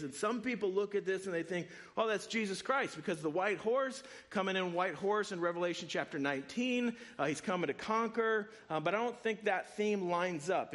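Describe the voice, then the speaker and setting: A man giving a sermon, preaching in a conversational, animated way with asides to the congregation. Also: fairly high pitch. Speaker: pastor.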